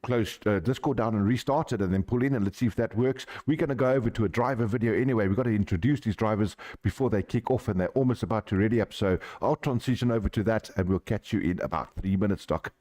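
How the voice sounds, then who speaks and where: A man's voice: lowish voice, fast, hardly any pauses, mellow. A man with a South African accent hosting a live sim racing broadcast, upbeat and chatty. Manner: upbeat, chatty, fixing tech issues on air. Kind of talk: live esports commentary.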